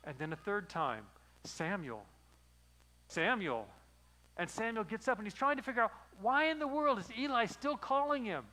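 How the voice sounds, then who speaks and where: A man as pastor preaching a sermon, retelling a story in a lively, storytelling way. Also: extremely high pitch, fairly quick, hardly any pauses, poor audio.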